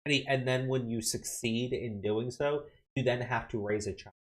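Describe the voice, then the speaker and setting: A man's voice: mid-range voice, normal speed. A man hosting a political commentary show, reacting to clips and news with angry, profanity-laced rants.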